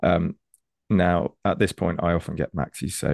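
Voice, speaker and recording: A man's voice: deep voice, steady tone, moderate pace, gravelly, darkish tone, dry recording, clean studio sound. A man, an enthusiastic and persuasive consultant explaining ideas on a video call. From United Kingdom. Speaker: Bitcoin consultant.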